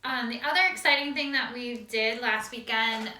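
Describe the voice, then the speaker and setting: Bright-voiced easygoing woman, roomy sound. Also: a little high, fairly even intonation, normal speed, slight background noise. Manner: friendly, easygoing, with fillers. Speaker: co-host of a knitting show. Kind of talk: casual chat. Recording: echoey room, distant mic.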